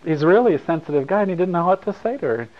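A man's voice: sits high, expressive, racing. A man speaking to an audience at a talk, telling a story in a casual, wry, digressive way. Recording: slightly dull recording.

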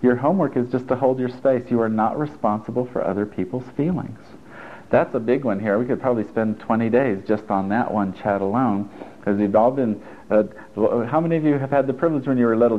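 A man's voice: medium pitch, a little fast. A man, a therapist, talking a group through a workshop in a chatty, encouraging way with joking asides. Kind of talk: live workshop talk to a group. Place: stuffy indoor room with an audience. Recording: tinny phone-like lo-fi recording.

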